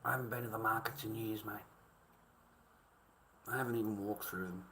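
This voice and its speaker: A man's voice: fairly low pitch, steady tone, brisk, sharp tone, slight background noise. A man livestreaming a casual monologue, ranting in a heated, profane, repetitive way.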